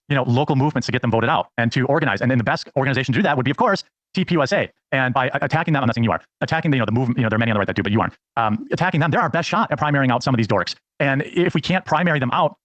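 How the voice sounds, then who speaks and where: Rapid-fire, pleading man guest. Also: medium pitch, expressive, a bit bright, no echo. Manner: very fast, pleading, persuasive. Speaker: guest on a talk show. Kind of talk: earnest conversation.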